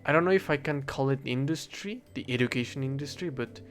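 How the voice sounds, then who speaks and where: Young man, mid-pitched, rambling chat over a game with faint music under it, stops and restarts a lot. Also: brisk, fairly bright tone. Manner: rambling, hesitant, self-correcting, swears casually. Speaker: English teacher. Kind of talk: casual rambling talk while gaming.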